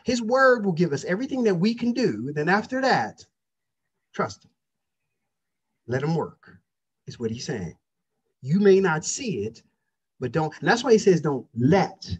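Preacher guy, husky, voice jumps all over, asks the church "y'all get this?", muffled recording. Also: fairly high pitch, big pitch swings, a little slow, long pauses. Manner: preaching with call-outs to the congregation. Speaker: pastor. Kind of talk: sermon.

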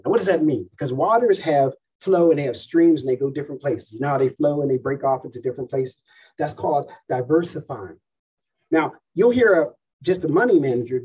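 Distant, husky preacher man. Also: on the high side, warm tone. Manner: conversational, checks in with the congregation. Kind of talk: sermon. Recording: dull distant mic in a room.

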